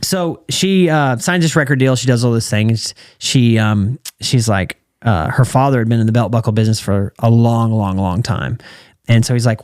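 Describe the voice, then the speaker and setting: An American man in his thirties tells stories in a relaxed interview. His voice sits in an ordinary middle register and sounds dry and close. He acts out the people he quotes as he goes. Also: medium pitch, normal speed, dry recording. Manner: animated storyteller who acts out quoted dialogue. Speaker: guest, retired champion calf roper and entrepreneur. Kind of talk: casual storytelling interview.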